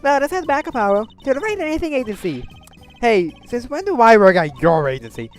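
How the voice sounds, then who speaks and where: A woman's voice: a little high, sing-song, fairly quick, soft background music, voice pushed up. A woman voicing a cheerful, bubbly teenage girl magician. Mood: playful. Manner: bubbly and bright.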